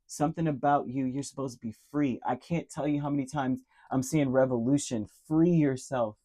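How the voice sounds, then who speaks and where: A man with a warm, mid-range voice at normal speed gives a tarot reading directly to the camera and listener. He is earnest and emotional, repeating key words, using frequent fillers and often restarting his sentences.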